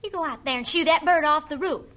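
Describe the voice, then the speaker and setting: A woman's voice: sits high, fast, fairly bright tone, voice pushed up. A woman voicing a cold, scheming witch stepmother who gives bossy orders. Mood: commanding. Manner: bossy orders, sly questions.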